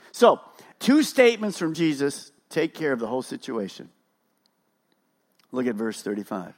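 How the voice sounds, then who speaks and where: A male pastor preaching a sermon at a church service, emphatic and full of rhetorical questions. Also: fairly high pitch.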